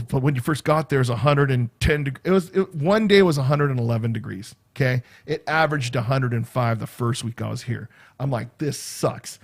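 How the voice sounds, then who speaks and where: A man hosting a casual livestream from a room in his home, rambling and chatty, tagging "right?" onto his sentences. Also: medium pitch. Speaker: livestream host. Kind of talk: casual live chat.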